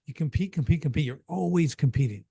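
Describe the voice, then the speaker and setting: A man's voice: fairly high pitch, fast talker, vocal fry, warm tone, slightly rough, no echo, studio quality. A middle-aged man from the Chicago area, an emphatic business coach who tells stories and keeps repeating key points, often checking in with "right?". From Chicago area, USA. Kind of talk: casual podcast conversation.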